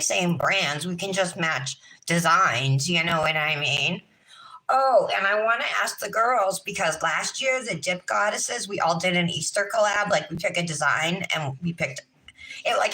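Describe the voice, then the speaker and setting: A woman's voice: lowish voice, pushed and bright, low-quality recording. A woman in her thirties hosting a casual nail livestream, chatting in a sing-song way with her viewers. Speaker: nail vlog host. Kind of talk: casual livestream chat while doing nails.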